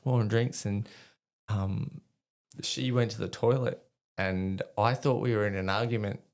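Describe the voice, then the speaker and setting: Middle-aged Australian man, very low gravelly voice, rambling and sweary, chuckles through his own stories. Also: steady tone, a little slow. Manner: rambling, swears freely, laughs at himself. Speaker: guest, army veteran. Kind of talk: casual storytelling in an interview.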